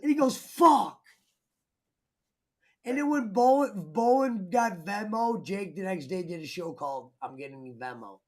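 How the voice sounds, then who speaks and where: High-voiced man hosting a stream. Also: expressive, moderate pace, hardly any pauses, a little mellow. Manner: laughing, reading chat aloud. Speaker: streamer host. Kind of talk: casual stream chat.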